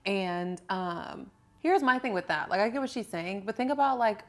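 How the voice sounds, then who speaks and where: A woman's voice: medium pitch, moderate pace. Candid giggly young woman chatting. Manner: candid, giggly, animated storytelling. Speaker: podcast co-host, personal trainer. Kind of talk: casual chat.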